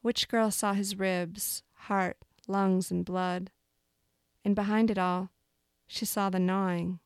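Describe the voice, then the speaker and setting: A woman calmly reading aloud a dark fable, as storyteller. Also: mid-range voice, slow, clear, resonant tone, no echo, studio quality.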